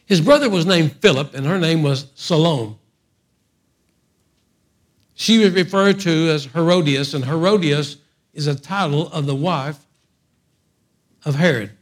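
A male preacher telling a story in a lively, animated sermon, with frequent humorous asides. His voice sits fairly high for a man. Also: unhurried, long pauses.

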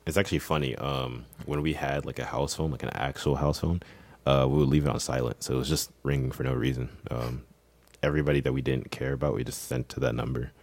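Very deep, gravelly, fast-talking man. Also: fairly even intonation, darkish tone, no echo. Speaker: podcast co-host. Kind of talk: casual chat.

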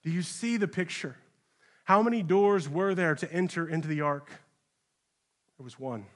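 A pastor delivers a sermon in church, addressing his listeners directly with rhetorical questions. His high voice moves at a moderate pace, shifting between hushed, grave passages and raised, urgent ones.

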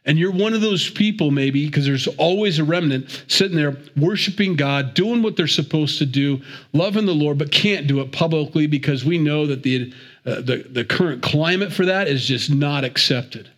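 A man's voice: a little high, moderate pace. Chatty man teaching the Bible. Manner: chatty and digressive, with repeats and chuckles.

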